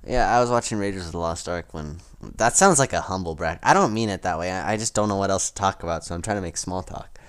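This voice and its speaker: A man hosting a solo podcast, rambling casually with lots of fillers and quick laughing asides. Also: low-pitched, clean tone. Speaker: podcast host.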